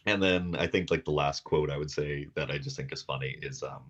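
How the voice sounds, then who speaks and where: A man's voice: extremely low pitch, fairly even intonation, moderate pace, few pauses, a bit bright. A man, a podcast guest, chatting casually from his kitchen and rambling with lots of fillers and laughs. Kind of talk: casual chat. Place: home, talking from the kitchen. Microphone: table mic on a video call.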